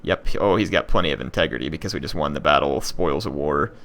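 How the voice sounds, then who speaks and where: A young gaming channel host narrates his strategy game turn in casual let's-play commentary, speaking fast in a deep voice with vocal fry and a bright, pushing edge. He thinks out loud, trailing off into ums, fillers, and half-finished restarts.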